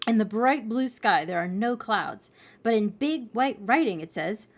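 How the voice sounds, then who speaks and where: A woman reads a children's novel aloud, telling the story with plenty of expression. Her voice sits at a middle pitch and swings up and down in a lively way as she narrates. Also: measured pace.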